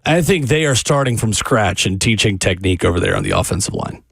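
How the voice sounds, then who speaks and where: A man's voice: lowish voice, animated, fast, creaky, dry recording. A man hosting a sports radio show, pressing his co-host with pointed questions.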